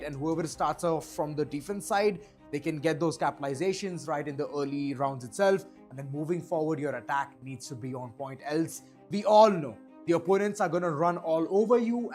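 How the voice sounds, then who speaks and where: Brief: energetic male caster, high voice, calls the play. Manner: energetic, building hype. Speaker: esports caster. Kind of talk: play-by-play esports commentary.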